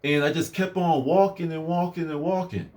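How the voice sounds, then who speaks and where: A man's voice: on the high side, moderate pace, darkish tone. A young man casually telling a personal story in a rambling way, full of fillers and asides. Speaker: vlogger.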